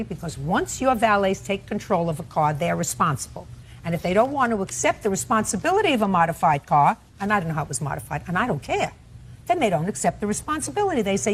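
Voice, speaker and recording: A woman's voice: medium pitch, sing-song, quick pace, a little hiss or hum. A woman presiding as a television judge, stern and lecturing, often cutting people off. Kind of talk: courtroom questioning.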